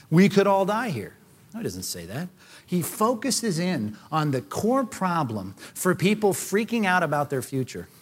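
A man preaching a sermon, conversational and animated, acting out voices from the scripture. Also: sits high, husky. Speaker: pastor.

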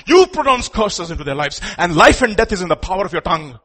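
A man's voice: high-pitched, sing-song, quick pace, fairly bright tone. A man preaching a sermon to his congregation, with emphatic outbursts. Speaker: pastor.

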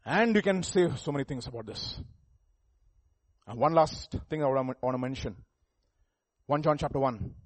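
A man preaching a sermon, emphatic, swinging between loud and soft, asking the listeners rhetorical questions. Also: mid-range voice, moderate pace, pauses often, no echo. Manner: emphatic, rising and falling volume, rhetorical questions.

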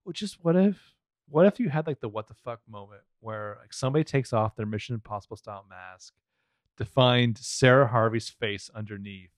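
A man's voice: mid-range voice, moderate pace, no room sound. A man co-hosting a podcast, joking and sarcastic as he recaps a TV show. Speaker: podcast co-host. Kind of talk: casual TV recap chat.

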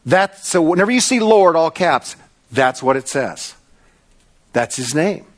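A man pastor delivering a sermon, earnest, with slow emphatic pauses. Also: a little high, animated.

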